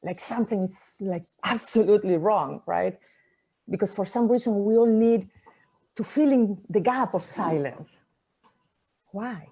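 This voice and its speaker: A woman whose first language is not English, giving a personal talk, reflective and conversational, with pauses and soft endings. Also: mid-range voice, slightly rough. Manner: conversational fillers like "like" and "you know".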